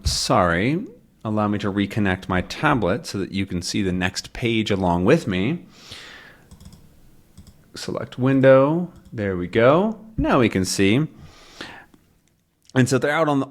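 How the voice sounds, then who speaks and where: A man teaching English to learners by reading a comic aloud, chatty and explaining as he goes. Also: on the low side. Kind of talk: comprehensible-input lesson, reading a comic aloud.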